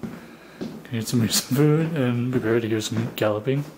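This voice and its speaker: Young man, middle-pitched voice, casual home video, coaxing his pet, faint background noise. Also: moderate pace, a little mellow. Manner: chatty, talks to the cat in a coaxing raised voice. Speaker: pet owner filming his cat. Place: family home indoors. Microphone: handheld camera.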